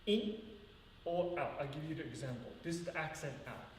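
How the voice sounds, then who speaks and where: A man's voice: a little high, a little fast, slight background noise. Male ballet teacher, earnest, counts out rhythms; heard from across a long-reverb hall. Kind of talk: teaching a live ballet class. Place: large echoey dance studio. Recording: far-off voice in an echoey hall.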